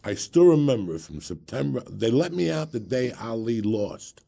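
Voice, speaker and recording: A man's voice: medium pitch, moderate pace, gravelly. A man in his sixties casually telling a story on a podcast, swearing freely and laughing as he goes. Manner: profane, animated, laughs through his stories.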